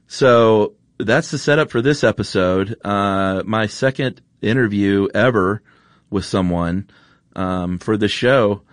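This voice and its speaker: A man's voice: on the low side, moderate pace, dry recording. A middle-aged man hosting a podcast, telling a story in an earnest, rambling way with fillers, recorded in a studio. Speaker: podcast host. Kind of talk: casual storytelling monologue. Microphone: studio mic.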